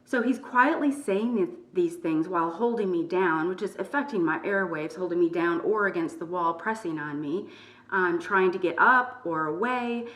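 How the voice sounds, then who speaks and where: A middle-aged woman hosting her own channel, speaking softly and in a measured, strained way while telling her story and reading from her book. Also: lowish voice, reverberant, far from the mic. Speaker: YouTube channel host. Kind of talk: personal testimony, partly reading from her book.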